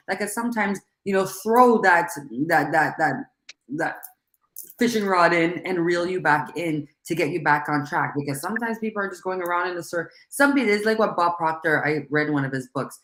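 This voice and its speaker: A woman in casual conversation, talking animatedly in quick bursts with restarts. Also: fairly low pitch, a bit bright. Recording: echoey room.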